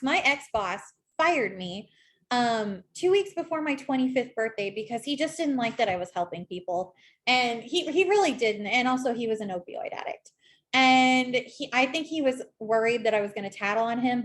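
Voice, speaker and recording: Woman, thirties, tarot reader, slightly high voice, casual and animated, talks straight to camera. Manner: chatty, animated, addresses viewer directly. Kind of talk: casual tarot reading talk.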